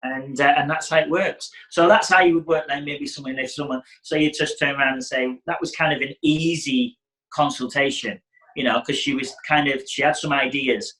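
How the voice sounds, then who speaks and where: A man's voice: medium pitch, steady tone, normal speed, sharp tone, rough recording. Chatty man teaching hairdressing. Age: middle-aged. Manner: chatty, acts out client dialogue. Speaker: hairdressing educator. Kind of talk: casual teaching talk.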